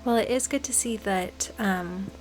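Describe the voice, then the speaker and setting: A woman's voice: medium pitch, a little slow. A woman gamer giving playful, dramatic let's-play commentary. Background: game music.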